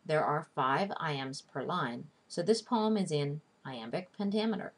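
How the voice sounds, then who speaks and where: A woman teaching a recorded lesson in a slow, deliberate, scripted way, spelling out each term. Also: fairly low pitch. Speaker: literature teacher. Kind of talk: scripted video lecture.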